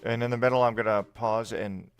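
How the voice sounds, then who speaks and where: A man's voice: medium pitch, steady tone, fairly quick, clear, resonant tone, soft background music. A man directing an improv scene in a game, hesitant with many fillers. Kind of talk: casual game narration.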